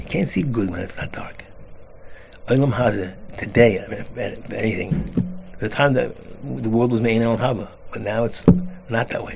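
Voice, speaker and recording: Gravelly rabbi telling a parable. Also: male voice, medium pitch. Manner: animated storyteller, acts out voices. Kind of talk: storytelling talk with a parable. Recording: noisy recording.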